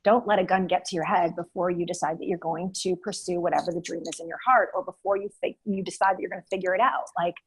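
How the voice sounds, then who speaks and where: A woman talking as a guest in an interview, telling a personal story in a lively way with many fillers and restarts. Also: lowish voice, fast talker, hardly any pauses, slightly rough, rough recording.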